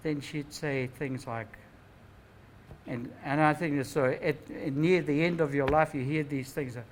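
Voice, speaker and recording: An older New Zealand man speaking at a Māori knowledge gathering wanders reflectively through family anecdotes, frequently tagging his thoughts with "eh?". His slightly high voice keeps a steady tone and measured pace, though the recording is low quality with slight background noise.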